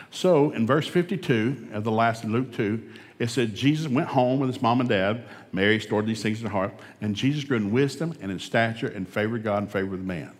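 A middle-aged man preaching a sermon in a folksy, emphatic way, a former school administrator from Oklahoma who swings up to loud peaks. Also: medium pitch. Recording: long hall reverb.

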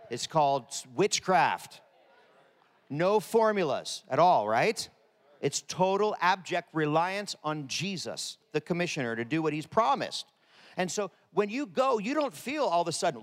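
A man preaches with a fairly high voice and slips in deadpan jokes between the scripture. His words carry the long reverb of a large hall. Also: normal speed. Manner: humorous, with deadpan jokes and lively asides. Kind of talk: sermon.

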